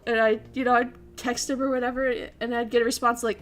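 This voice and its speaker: A young woman streamer chatting casually with her viewers in an animated way and laughing often. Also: fairly high pitch, fast, few pauses. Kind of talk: casual chat while streaming.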